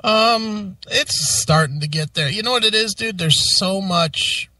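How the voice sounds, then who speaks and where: A man's voice: sits high, unhurried, pushed and bright, no room sound, far from the mic, poor audio. A man co-hosting a casual radio talk show, worn out from lack of sleep and swearing freely as he talks. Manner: blunt and frank, swears freely.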